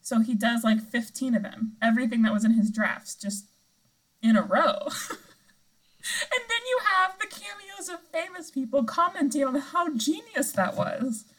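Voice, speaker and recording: A young woman co-hosting a casual podcast, her voice high and full of animated swings. She chats enthusiastically and laughs often. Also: normal speed, poor audio. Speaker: podcast co-host. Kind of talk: casual chat.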